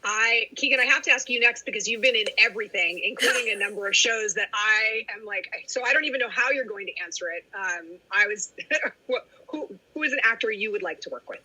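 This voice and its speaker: A woman moderator running a live-streamed fan panel, reading questions and plugging autographs. Her voice is bright and slightly husky. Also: mid-range voice, brisk, rough recording.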